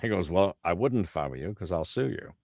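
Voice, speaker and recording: Middle-aged male voice actor, very low voice, close dry sound, lively storyteller who drops into quick impressions. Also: creaky, no room sound. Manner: animated anecdotes, slips into character voices for quotes. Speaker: voice actor guest. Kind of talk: casual storytelling chat.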